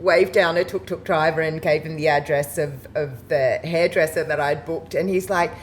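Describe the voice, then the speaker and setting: A woman in her forties talks as a guest in a relaxed interview, telling stories in a low, easy voice. She laughs often as she goes. Faint ambient noise sits behind her. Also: moderate pace, poor audio. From Australia. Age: 40s. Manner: chatty storyteller, laughs often. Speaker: guest, wedding and funeral celebrant. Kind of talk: casual interview chat.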